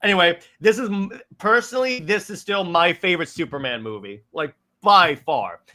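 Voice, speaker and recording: A man hosts a relaxed film discussion with a fairly high, bright and forceful voice. He retells scenes eagerly, often stammering and restarting his sentences as he goes. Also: normal speed. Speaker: podcast host. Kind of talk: casual movie discussion.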